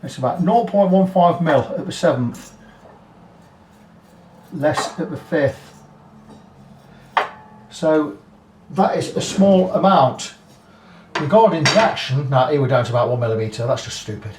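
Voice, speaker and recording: Animated yet measured, with long pauses, a slightly high and mellow male voice talks casually through a guitar setup, the speaker a repair technician musing aloud with candid asides. The workshop sounds roomy, miked from a distance, with faint music and a little hiss or hum.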